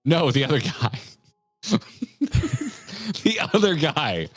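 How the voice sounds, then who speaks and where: A man's voice: a little high, sing-song, slow pace, a bit bright, no echo, studio quality. A man co-hosting a game stream, teasing his friend and laughing often in casual banter. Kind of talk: casual let's-play chat.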